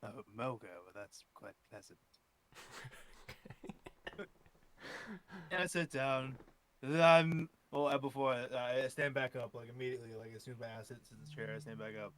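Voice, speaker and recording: A man's voice: medium pitch, steady tone, normal speed, a little hiss or hum. A man playing a tabletop game, joking around and rambling with lots of fillers. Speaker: player. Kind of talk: casual tabletop role-play.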